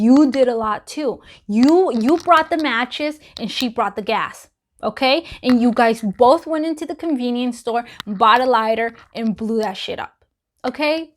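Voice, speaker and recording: A woman vlogger giving casual opinion commentary, blunt and emphatic, repeating herself and swearing freely. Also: on the high side. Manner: emphatic, repetitive, talks directly to the people discussed.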